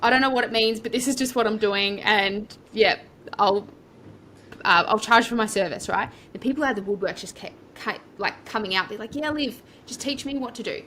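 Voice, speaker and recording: Young Australian woman, property-coach guest: chatty, rambling storyteller with a bright voice and faint noise. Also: medium pitch, brisk. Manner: chatty, rambling, lively asides. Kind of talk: casual storytelling interview.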